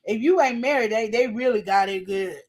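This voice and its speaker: High-voiced, animated woman host. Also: a little fast. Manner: animated, slangy storytelling. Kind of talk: casual relationship advice chat.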